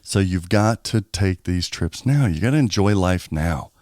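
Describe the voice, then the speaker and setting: A man's voice: deep voice, expressive, a little slow, darkish tone, no room sound, clean studio sound. A man co-hosting a podcast in casual chat, candid, rambling and joking. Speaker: podcast co-host.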